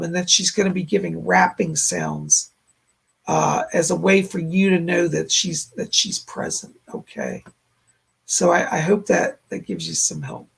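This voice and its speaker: Gravelly, husky-voiced male psychic host. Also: high voice, fairly bright tone. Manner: relays spirit messages in looping "he said" phrasing, effusive thanks. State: hoarse, voice giving out. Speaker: psychic medium, stream host. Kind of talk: live-stream psychic readings.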